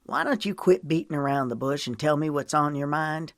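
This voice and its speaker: A woman's voice: low-pitched, fairly quick, no room sound, studio quality. A woman voicing a curt, guarded man. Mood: irritated. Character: man in love, guarded and curt when pressed.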